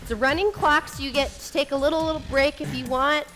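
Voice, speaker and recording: A woman's voice: high-pitched, fairly even intonation, fast, a bit bright. A woman leading a follow-along workout, coaching with upbeat encouragement while getting out of breath. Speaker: fitness instructor. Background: workout music.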